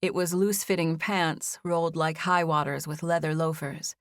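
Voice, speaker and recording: A woman narrates a first-person novel as an audiobook, reading in an even, measured storytelling style. Her voice sits low, recorded dry on a close studio mic.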